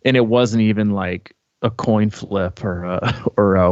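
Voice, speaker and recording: A lower-voiced man rambles through a story on a podcast, piling on fillers and false starts. The sound is dry and a little dull, close to lo-fi. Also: unhurried, no room sound. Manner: rambling, animated storyteller with many fillers and restarts. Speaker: podcast co-host. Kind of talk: casual storytelling chat.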